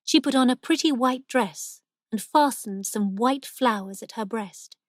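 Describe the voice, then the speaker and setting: A woman narrating a story slowly and clearly for English learners. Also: on the high side, no room sound, clean studio sound. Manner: slow, clear, even. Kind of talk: slow reading for English learners.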